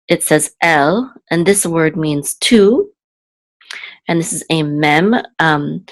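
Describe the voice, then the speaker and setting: Low-voiced woman teaching Hebrew reading. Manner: patient, repeats syllables slowly. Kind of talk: slow word-by-word reading lesson.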